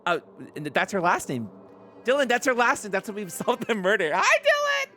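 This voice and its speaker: A woman streaming a video game, chatting excitedly with her viewers and laughing often. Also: mid-range voice, brisk, soft background music. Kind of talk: casual live-stream commentary.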